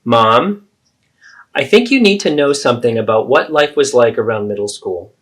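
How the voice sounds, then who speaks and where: A man's voice: mid-range voice, lively intonation, fairly bright tone. A man playing an adult daughter who firmly confronts her mother in a therapy role-play. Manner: firm, measured.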